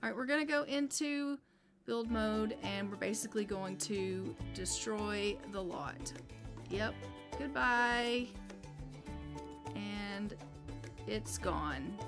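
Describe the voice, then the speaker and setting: A woman's voice: mid-range voice, slow pace, pauses often, music in the background. A woman giving casual commentary on her own gameplay, chatty and thinking aloud as she plays. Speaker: gaming YouTuber.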